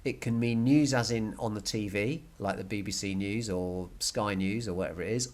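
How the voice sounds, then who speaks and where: Male teacher, mid-pitched, patient, slow repeats for learners. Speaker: Spanish teacher. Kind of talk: recorded grammar lesson.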